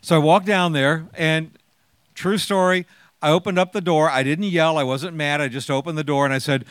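A man's voice: fairly high pitch, steady tone, moderate pace, fairly bright tone, clean tone, no echo, studio quality. A man in his sixties sharing his personal testimony with an audience, as a chatty, joking storyteller who acts out the lines he quotes.

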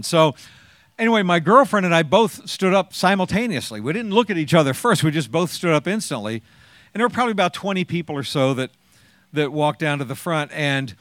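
A man's voice: a little high, a bit bright, no room sound, clean studio sound. A man in his sixties sharing his personal testimony with an audience, as a chatty, joking storyteller who acts out the lines he quotes.

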